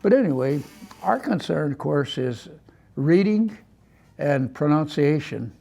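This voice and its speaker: Gravelly man teaching a language class. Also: fairly high pitch, faint music behind. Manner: relaxed, repeats words slowly for students, chuckles.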